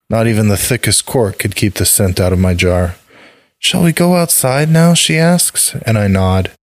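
A man narrating a dark fairy tale in the first person, measured and calm. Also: on the low side, no echo. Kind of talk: scripted narration.

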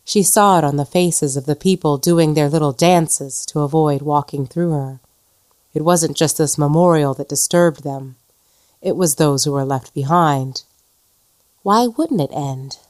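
Low-voiced woman narrating a ghost story. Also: steady tone, darkish tone, no room sound, studio quality. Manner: measured, dramatic storytelling. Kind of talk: scripted narration.

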